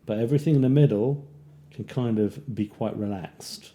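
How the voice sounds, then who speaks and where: A man's voice: medium pitch, moderate pace. British man teaching jazz guitar. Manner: counts beats aloud and scats rhythms while demonstrating. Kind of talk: casual music lesson. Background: guitar playing between phrases.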